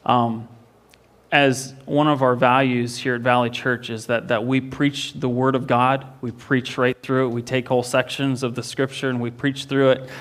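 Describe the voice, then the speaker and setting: A man's voice: medium pitch, little pitch movement, normal speed, a bit bright. A pastor preaching a sermon in a church, retelling a story earnestly and often repeating a word as he restarts a phrase.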